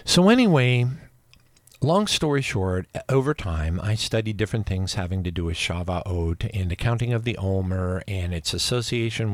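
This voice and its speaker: A man in his fifties telling a personal religious testimony, rambling and emotional, with frequent restarts and excited outbursts. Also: fairly low pitch, no room sound. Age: 50s. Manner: rambling with many restarts and asides. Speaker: religious video speaker.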